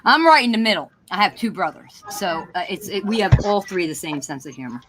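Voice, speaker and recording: A woman's voice: mid-range voice, expressive, brisk, noisy background. A woman on a video call, telling a funny family story with lots of laughter. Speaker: participant in a friends' video chat. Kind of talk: casual chat.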